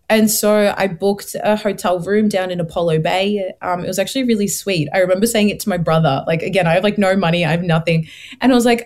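A young woman, telling her faith story as an interview guest, earnest and animated, acting out her past thoughts. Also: mid-range voice. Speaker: guest sharing her testimony. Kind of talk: emotional personal testimony.

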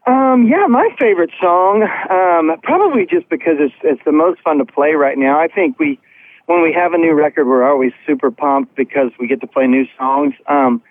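A man's voice: on the high side, normal speed. A male musician calling in by phone for a radio interview from outside a tour bus at a concert, upbeat and rambling. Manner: upbeat, rambling, lots of "um" and "man". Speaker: musician guest. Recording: tinny phone line.

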